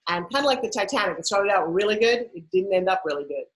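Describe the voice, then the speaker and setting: A woman's voice: medium pitch, animated, fast talker, rough recording. A middle-aged woman from New York, a podcast guest telling her life story with punchy emphasis. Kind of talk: storytelling interview.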